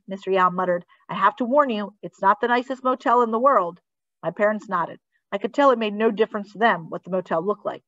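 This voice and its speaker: A woman's voice: mid-range voice, a bit bright, no echo. Woman reading a children's book aloud. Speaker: library read-aloud reader. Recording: dry, dull lo-fi recording.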